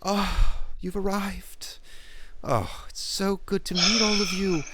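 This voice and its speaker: A man doing the voice of a doting, motherly noblewoman in a tabletop game, gushing and gently scolding. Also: high voice, slow, dry recording, voice pushed up, heavily acted. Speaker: game master.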